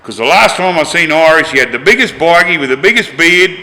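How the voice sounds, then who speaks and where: An older Australian man with a very bright, ringing voice sits for an interview and spins a rough story in plain, colloquial talk. His delivery is animated, and he throws himself into the quoted lines. The sound carries a long reverb tail. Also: on the high side, a little fast. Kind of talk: storytelling anecdote.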